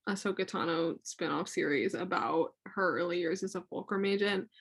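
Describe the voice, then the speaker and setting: A woman's voice: fairly low pitch, moderate pace, breathy edge. A young woman co-hosting a podcast in casual chat, playful and self-deprecating. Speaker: podcast co-host.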